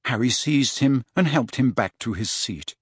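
A male audiobook narrator with a husky, middle-pitched voice. He tells the story in a steady, measured way, recorded dry and close. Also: no room sound. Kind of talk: scripted narration.

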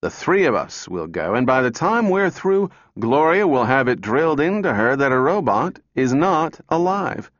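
A man's voice: mid-range voice, big pitch swings, normal speed, hardly any pauses, fairly bright tone, dry recording, voice pushed up. A man doing a smug, persuasive father. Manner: persuasive, explaining. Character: smug, reasoning father with a plan. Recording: dull dry recording.

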